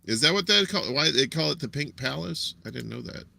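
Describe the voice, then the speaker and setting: A man's voice: a little high, animated, a little fast, gravelly, pushed and bright, dry recording. A man hosting a live show in casual chat, rambling and telling jokes with many fillers. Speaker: show host.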